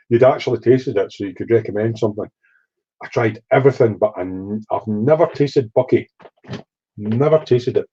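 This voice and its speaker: A man's voice: on the low side, brisk, mellow, slightly rough. Rambling sweary Edinburgh man, lo-fi. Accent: Edinburgh Scottish. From Scotland. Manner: swearing, rambling storyteller reading chat aloud. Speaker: live stream host. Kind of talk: casual live stream chat.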